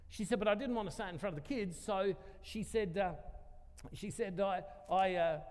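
A man's voice: high-pitched, a little mellow. A man preaching a sermon, telling a story in a chatty, self-deprecating way and acting out the voices he quotes. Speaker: pastor. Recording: long hall reverb.

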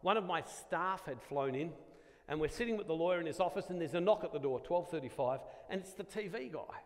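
An Australian man giving a Catholic talk to a live audience, animated and self-deprecating, acting out the dialogue in his story. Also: on the high side, brisk. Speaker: Catholic speaker at a church gathering. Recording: long reverb of a large hall.

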